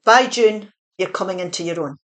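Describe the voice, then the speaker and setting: A woman's voice: lowish voice, moderate pace. A woman giving a spoken tarot reading in a chatty, reassuring way, now and then correcting herself mid-sentence. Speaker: tarot reader.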